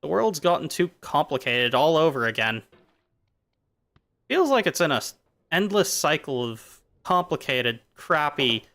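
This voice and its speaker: With a fairly high, pushed, bright voice, big pitch swings, and a measured pace, a male streamer chats while gaming. His casual, rambling talk moves playfully between jokes and musings.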